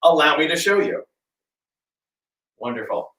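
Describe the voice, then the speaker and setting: Brief: male magician, comic patter full of fillers, somewhat high pitch, echoey room, off-mic. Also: lively intonation, a bit bright. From United States. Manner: chatty, halting with many fillers. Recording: roomy sound, distant from the mic.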